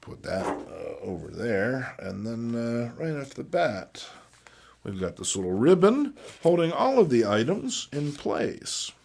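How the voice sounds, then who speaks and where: Guy hosting a comics show, slow and folksy, lots of ups and downs in his voice. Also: mid-range voice, very animated, creaky, a little mellow, slightly rough. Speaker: host. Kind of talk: casual comic collection show.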